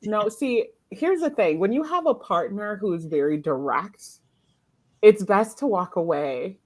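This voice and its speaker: Lively, laughing woman hosting a live chat. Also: mid-range voice, measured pace. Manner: laughs often, animated storytelling. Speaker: livestream host. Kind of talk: casual chat.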